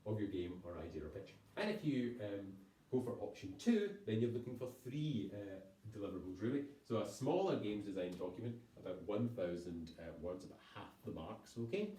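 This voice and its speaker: A man's voice: lowish voice, animated, a little fast, dark tone, recorded from a distance. A man giving a recorded university lecture, rambling with self-corrections and wry asides. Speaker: university lecturer, program leader. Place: room by a town hall. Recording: echoey room, voice off-mic.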